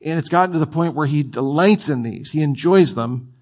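A man's voice: on the high side, a little fast. A man preaching a sermon in a conversational, playful way, with asides to his listeners.

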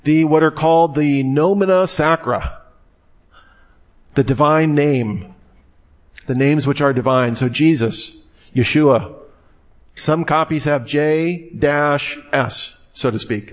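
A man's voice: medium pitch, measured pace. A middle-aged man giving a classroom lecture in a conversational way, with wry asides. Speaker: teacher.

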